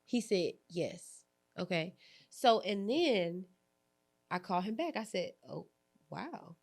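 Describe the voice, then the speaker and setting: A young adult woman hosting a candid podcast conversation, telling animated stories, acting out quoted lines and laughing often. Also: mid-range voice, takes it slowly, vocal fry. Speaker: podcast host.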